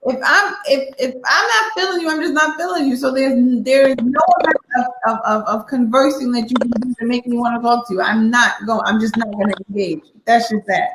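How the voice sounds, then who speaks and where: A woman's voice: on the high side, brisk, hardly any pauses, reverberant, background noise. A woman hosting a casual podcast panel chat, talking in a blunt, emphatic, defensive way. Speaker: podcast host.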